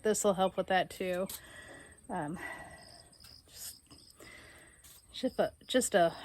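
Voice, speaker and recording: A woman, a cattle farmer talking to her viewers in a casual, emotional, candid way after a hard day. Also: medium pitch. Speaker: farmer and video host. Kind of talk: casual vlog talk to viewers. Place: outdoors on a cattle farm.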